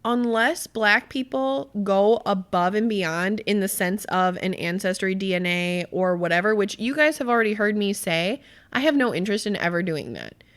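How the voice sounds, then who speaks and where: A woman in mid pitch, speaking as a podcast host in a loose, conversational way. She talks with earnest, emphatic passion and swears often for emphasis. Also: lively intonation, normal speed, fairly bright tone. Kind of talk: casual podcast discussion.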